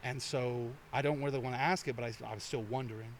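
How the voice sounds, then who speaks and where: A man's voice: mid-range voice, fairly even intonation, fast, a little hiss or hum. A man telling long, profane anecdotes as a podcast guest, slipping into quoted voices. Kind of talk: casual podcast storytelling. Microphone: headphones and studio mic.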